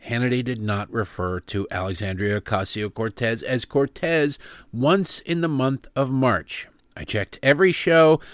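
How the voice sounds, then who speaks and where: Brief: middle-aged male commentary host, indignant and sarcastic, mid pitch, dry close sound. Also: fairly bright tone, no echo. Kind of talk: opinionated political commentary.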